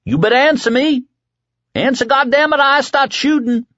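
A man's voice: fairly high pitch, sing-song, a little fast, a bit bright, dry recording, pitched above the performer's own voice. A man playing a crazed crude young hothead. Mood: shouting threats. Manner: singing crude songs, barking orders, swearing. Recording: dry dull lo-fi audio.

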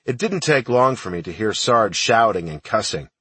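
Husky lowish guy reading an audiobook in first person, matter of fact, dry close mic. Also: animated, moderate pace, bright, forceful tone, dry recording, recorded from a distance. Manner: plain, matter-of-fact storytelling. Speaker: audiobook narrator.

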